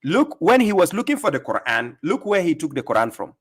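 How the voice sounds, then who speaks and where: A man's voice: fairly high pitch, very animated, fairly quick, breathy edge. A man hosting a livestream, giving mocking, sarcastic religious commentary on video clips he plays. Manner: scornful, sarcastic, lecturing. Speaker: livestream host reacting to clips.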